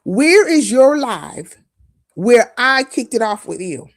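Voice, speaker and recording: A woman on a live stream tears into her critics in a heated rant, cursing freely and mocking them. Her voice sits a little high. The sound is close and dry, with no room around it. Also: sing-song, slow pace, dry recording. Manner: confrontational, profane, mocking.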